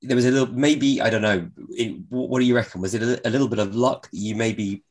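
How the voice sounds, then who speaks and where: A man's voice: mid-range voice, fairly even intonation, quick pace, darkish tone. A male interviewer who asks his questions in a hesitant, searching way. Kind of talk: casual interview.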